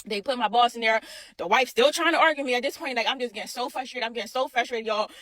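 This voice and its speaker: A young woman telling a dramatic personal story in a casual, animated way, repeating herself and talking straight to viewers. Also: fairly high pitch, fast, dry recording.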